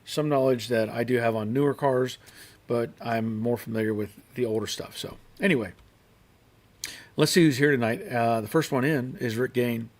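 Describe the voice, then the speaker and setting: A middle-aged man hosts a relaxed live stream from his garage. He reads viewer comments aloud and greets each person in turn, in an everyday voice of middling pitch. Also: moderate pace. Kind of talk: casual live stream chat. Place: home garage.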